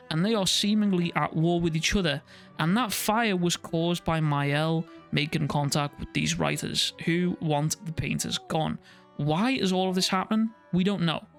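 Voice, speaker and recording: A man's voice: on the high side, gravelly, a bit bright. Man narrating a game review. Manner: casual, profane asides. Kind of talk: scripted video essay narration.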